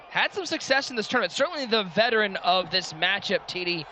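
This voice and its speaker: A man's voice: high voice, lively intonation, quick pace, few pauses, some chatter behind, a little hiss or hum. A man calling play-by-play on a football video game match, lifting his voice on the big plays. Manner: calls plays, rising to shouts on big moments. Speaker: play-by-play commentator. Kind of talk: play-by-play sports commentary.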